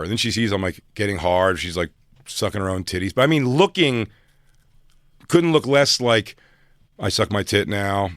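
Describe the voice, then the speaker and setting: A man on a radio studio show, telling crude anecdotes and jumping loud and high when he quotes himself. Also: normal speed, long pauses, no room sound.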